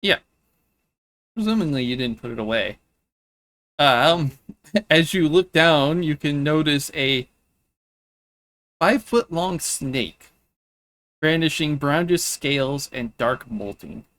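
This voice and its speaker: Halting man narrating a tabletop game. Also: a little high, expressive, a bit bright. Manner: halting, restarts often, laughs between lines. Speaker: game master.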